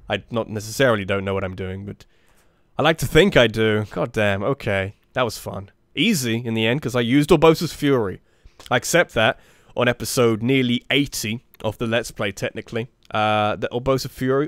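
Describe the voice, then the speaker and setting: A man hosting a let's play, commentating on gameplay in an animated, sweary, self-mocking way. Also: medium pitch, brisk, soft background music.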